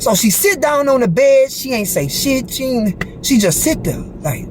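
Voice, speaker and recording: A man's voice: very high voice, normal speed, few pauses, a little hiss or hum. A man telling a personal story straight to the camera, talking in street slang with lots of swearing and constant check-ins with the listener. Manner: animated, profane street slang, repeats "you feel me". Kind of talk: casual storytelling monologue.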